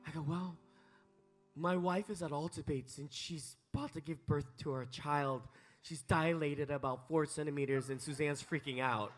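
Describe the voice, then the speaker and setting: A man's voice: fairly high pitch, fairly even intonation, normal speed, soft background music. A man telling a story on stage at a live event, acting out the other people's lines in changed voices. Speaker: musician sharing a story on stage.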